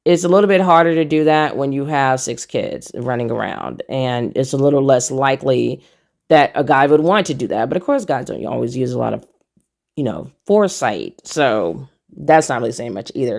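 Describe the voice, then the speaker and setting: A woman's voice: very deep voice, brisk, vocal fry, darkish tone. A young woman giving casual, emphatic commentary as a vlogger, repeating herself for emphasis and talking straight to her viewers.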